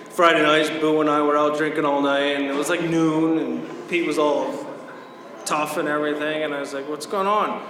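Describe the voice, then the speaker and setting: A man's voice: on the high side, fairly bright tone. A man roasting a friend at a birthday party, teasing crudely and laughing at his own jokes. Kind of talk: stand-up roast. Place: large echoing hall at a live party. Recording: echoey hall recording with background noise.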